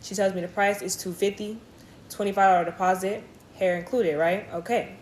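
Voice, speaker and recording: A woman's voice: medium pitch, steady tone, fairly quick, a little mellow, a little hiss or hum. A woman chatting straight to her viewers as she starts a story time. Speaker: vlogger. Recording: roomy room echo.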